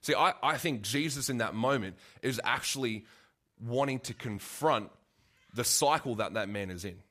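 A man's voice: mid-range voice, normal speed, pushed and bright. A man preaching a casual, conversational sermon, full of asides and restarts.

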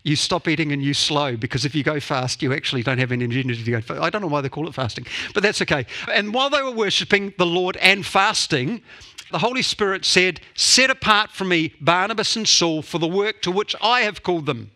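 Male pastor, bright, fairly high voice, chatty sermon with jokes. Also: lively intonation, a little fast. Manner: playful, jokey asides.

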